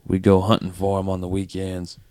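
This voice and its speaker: A man voicing a rugged man who once saw Bigfoot, telling it in a halting, shaken way. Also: low voice, completely flat delivery, clear, resonant tone, voice pushed down, close to an everyday voice. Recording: loud background noise.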